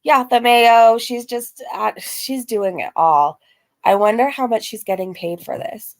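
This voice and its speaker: A woman's voice: fairly high pitch, unhurried. A woman hosting a reaction video, making sarcastic, mocking remarks and reading out chat comments.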